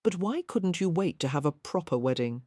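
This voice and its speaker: A cheerful Victorian teenage girl, eager and quick to ask, voiced by a woman reader. Her voice is low and mellow, in a close, dry recording. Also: expressive, dry recording.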